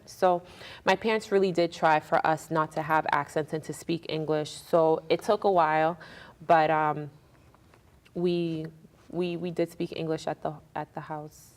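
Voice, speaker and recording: Young woman guest from Congo, lowish voice, chatty and animated. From Democratic Republic of Congo. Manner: animated storyteller, acts out family dialogue. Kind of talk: casual interview chat.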